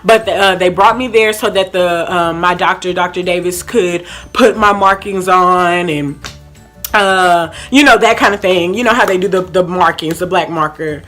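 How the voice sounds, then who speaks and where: A young woman talks straight to her viewers in a relaxed storytime vlog. Her voice is bright and forward, and she rambles through fillers and restarts as she acts out what people said. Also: lowish voice, moderate pace, soft background music. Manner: chatty, animated retelling with acted-out quotes and many fillers. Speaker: vlogger.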